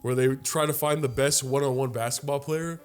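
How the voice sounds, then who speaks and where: A young man tells a long story on a casual podcast, cursing freely and jumping into the voices of the people in it. His pitch sits in the middle for a man. Faint music plays under the talk. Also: moderate pace. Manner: profane, animated storytelling with acted-out quotes. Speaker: podcast co-host. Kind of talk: casual chat.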